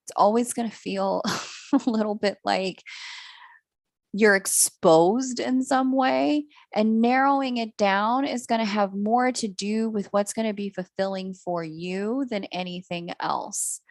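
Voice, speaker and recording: A woman's voice: mid-range voice, unhurried, no echo, clean studio sound. A woman giving a live-streamed astrology reading, candid and self-mocking, who laughs often and swears casually. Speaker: astrology reader.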